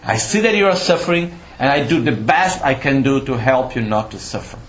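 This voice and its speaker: Speaking briskly and expressively in a mid-range voice, a man delivers a Buddhist teaching to a live audience. He is patient in his explanations, checks in with questions, and phrases things in a slightly non-native way. The retreat teaching hall sounds roomy, with faint ambience.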